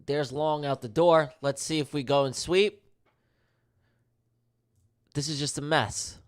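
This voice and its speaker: Slightly high and steady in tone, this man speaks at a slow pace. He's live-streaming his day trades and keeps up casual, slang-heavy banter with his chat, stressing points, repeating himself, and joking.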